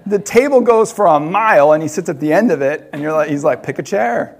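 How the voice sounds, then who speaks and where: A man preaching, telling a personal story in an animated way with laughter between loud and hushed moments. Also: a little high, fast talker.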